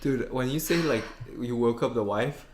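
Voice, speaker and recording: A woman's voice: very deep voice, normal speed, a little mellow, a little hiss or hum. A woman in casual chat as a co-host, answering with short replies and laughing easily. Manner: short backchannels, easy laughter.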